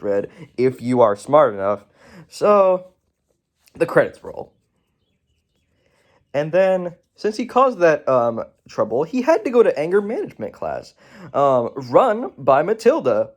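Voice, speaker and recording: Guy doing a rambly movie review, voice jumps all over the place, keeps fixing his own words. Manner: rambling, with self-corrections and asides; very animated pitch swings. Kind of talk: casual video review.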